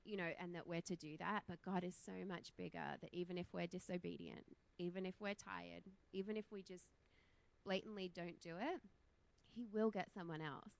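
An Australian woman in her thirties, with a lowish voice and an Australian accent, preaches a casual, chatty sermon in a church. She laughs often and pokes fun at herself.

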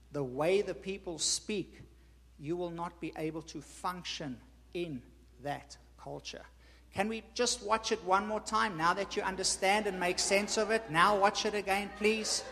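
A man's voice: high voice, measured pace, bright, forceful tone. A man preaching a sermon in a church hall, with an emphatic style that repeats points for effect. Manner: emphatic, repetitive teaching cadence. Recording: reverberant hall.

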